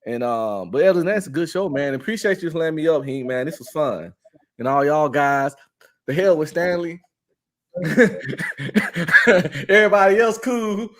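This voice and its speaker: A man's voice: a little high, animated, normal speed, long pauses. A man as a podcast guest in casual chat, slangy and joking with frequent laughs.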